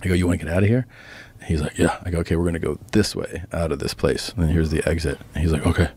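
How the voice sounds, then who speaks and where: A man's voice: low voice, steady tone, quick pace, a little mellow, breathy edge. A man on a podcast telling rambling anecdotes in casual chat and acting out the quotes. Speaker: podcast guest.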